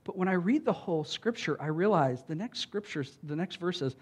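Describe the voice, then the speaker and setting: A man with a noticeably high voice delivers a sermon as a pastor. His preaching is casual and conversational, full of "like" and "right?". When he reads scripture aloud, he punches it out loudly and with emphasis. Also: lively intonation, a little fast, husky. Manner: loud emphatic bursts when reading scripture.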